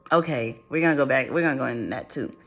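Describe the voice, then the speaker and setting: Speaking fast with a medium-pitched, slightly bright voice, this spiritual reader channels a message for his audience. The talk wanders, loops back on itself, and keeps restarting amid fillers.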